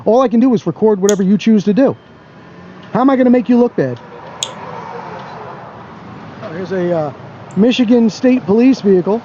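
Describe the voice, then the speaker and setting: Mocking male videographer, high mellow voice, dull clip audio. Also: moderate pace, long pauses, slight background noise. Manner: blunt, profane, mocking. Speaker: camera-carrying auditor. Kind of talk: narrating while filming outdoors.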